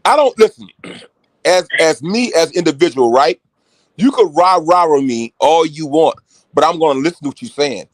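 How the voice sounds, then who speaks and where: A man talking loudly and excitedly in casual chat with rough, profane language. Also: on the high side, moderate pace, dry recording. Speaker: show regular.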